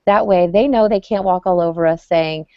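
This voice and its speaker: A woman's voice: on the low side, normal speed, no room sound. A woman speaking as a parent on a panel discussion, talking conversationally with restarts and fillers, heard over muffled lo-fi online audio.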